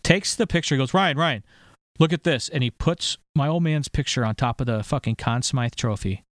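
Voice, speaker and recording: A man's voice: medium pitch, brisk, dry recording, clean studio sound. A man in his thirties from St. Louis, hosting a podcast and telling a story in a rambling, profane, emphatic way full of restarts. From St. Louis, USA. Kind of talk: casual storytelling chat.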